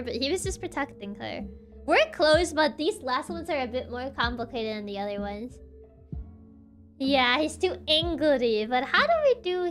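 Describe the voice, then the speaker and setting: A woman's voice: high-pitched, animated, normal speed, a bit bright, faint music behind. A woman streamer giving casual gameplay commentary, giggling often and thinking aloud as she works out a puzzle.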